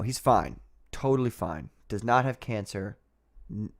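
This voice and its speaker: A man hosting a casual livestream, rambling and sarcastic, often breaking into laughter. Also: fairly low pitch. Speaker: livestream host.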